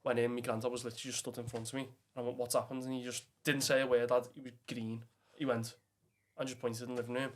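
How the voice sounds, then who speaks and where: A young man with a Scouse accent tells an emotional personal story as a podcast guest. His voice sits in a middle pitch and holds flat, with little rise or fall. He speaks bluntly, swears freely and keeps calling the listener "lad". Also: fast. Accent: Liverpool Scouse. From England.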